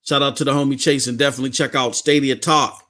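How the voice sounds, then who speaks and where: A middle-aged man, hosting a casual live gaming stream, animated and repetitive, laughing often. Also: medium pitch, fast talker.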